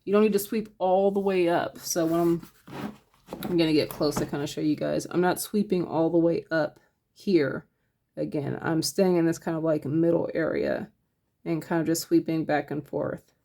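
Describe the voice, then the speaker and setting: A woman giving a casual step-by-step painting tutorial, talking her process through in a relaxed, thinking-aloud way with lots of fillers. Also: deep voice, normal speed, vocal fry, a little hiss or hum. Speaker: painting instructor.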